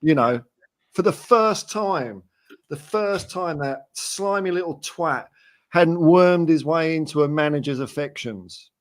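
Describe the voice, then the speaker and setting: A man on a fan panel talking football casually, speaking quickly with frequent restarts. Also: fairly high pitch. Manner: quick, halting, many restarts.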